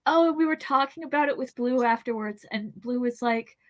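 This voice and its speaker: A woman co-hosting a casual podcast, her voice sitting a little higher than most. She chats freely, throws in quick asides and laughs often. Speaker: podcast co-host. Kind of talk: casual chat.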